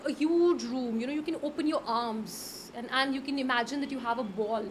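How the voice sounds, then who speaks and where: A middle-aged woman with an Indian English accent, explaining public speaking tips in an animated, instructive way and often repeating words. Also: high-pitched, fairly quick. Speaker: soft skills trainer. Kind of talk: conversational interview, Hinglish. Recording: faint background noise.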